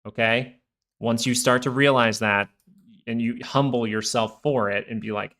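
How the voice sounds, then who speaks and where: A man's voice: mid-range voice, fairly even intonation, moderate pace, a bit bright. A young man hosting a live stock market stream, rambling through casual chart commentary full of fillers and goofy asides.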